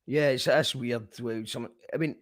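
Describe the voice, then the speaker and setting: A man's voice: medium pitch, moderate pace, no room sound, clean studio sound. A man hosting a radio interview, talking in an encouraging, emphatic way with many restarts. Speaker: radio show host. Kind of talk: casual interview chat.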